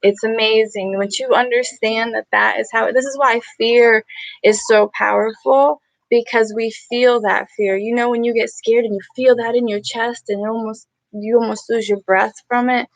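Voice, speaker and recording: Woman, meditation host, earnest and emotional, repeated affirmations, slightly high voice, gravelly edge. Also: no echo. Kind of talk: guided gratitude meditation talk.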